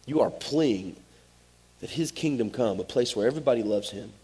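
A man's voice: mid-range voice, animated, brisk, dark tone, breathy edge. A man, preaching a sermon as pastor in a direct, conversational way. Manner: direct, conversational, Southern-tinged "y'all" asides.

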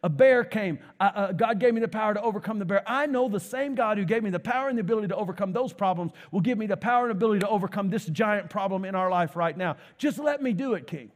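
A man's voice: sits high, quick pace, hardly any pauses, lightly acted. A man preaching speaks as a bold young shepherd, earnest and pleading.

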